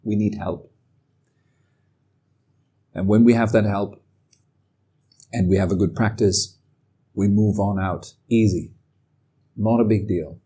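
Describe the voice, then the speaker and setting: A man giving a calm, reflective talk as a meditation teacher. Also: on the low side, takes it slowly, pauses often, breathy edge. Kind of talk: dharma talk.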